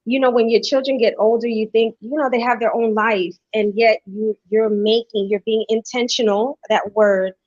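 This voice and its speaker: A woman's voice: on the high side, normal speed, few pauses, no echo. A middle-aged woman hosting a podcast, telling a heartfelt story in casual conversation and acting out the quotes. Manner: animated storyteller, acts out quotes. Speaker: podcast host. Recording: dry, dull lo-fi sound.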